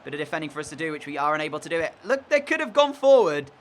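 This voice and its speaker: A man's voice: fairly high pitch, very animated, rapid-fire. A man giving casual commentary over his own football video game, frustrated and groaning at mistakes. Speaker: gaming commentator.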